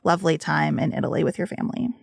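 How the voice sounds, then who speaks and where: A woman's voice: deep voice, rapid-fire, creaky, slightly rough, dry recording, clean studio sound. A woman, co-hosting a podcast and asking her co-host friendly questions in a casual chat. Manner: friendly interviewer, brief reactions.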